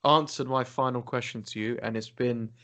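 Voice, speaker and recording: A man's voice: medium pitch, steady tone, moderate pace, sharp tone. Encouraging male podcast host. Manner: encouraging, with frequent short affirmations. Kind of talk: casual interview.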